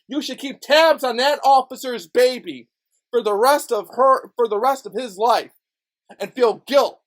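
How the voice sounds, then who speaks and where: A man ranting angrily into the camera, swearing constantly and swinging between low mutters and loud outbursts. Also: animated, moderate pace. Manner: profane, swings from mutters to shouts. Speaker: video blogger. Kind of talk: angry ranting monologue.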